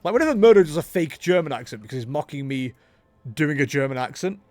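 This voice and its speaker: Lively rambling streamer guy. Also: a little high, fast talker, dry recording. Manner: rambling, joking, talks himself into ideas. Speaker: game streamer. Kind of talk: casual live-stream chatter while gaming.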